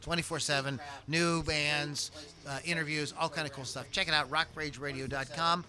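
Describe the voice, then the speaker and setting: A man's voice: fairly high pitch, steady tone, normal speed. A man with a slight Pittsburgh accent hosting a casual podcast, rambling and full of ums, laughing easily. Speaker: podcast host.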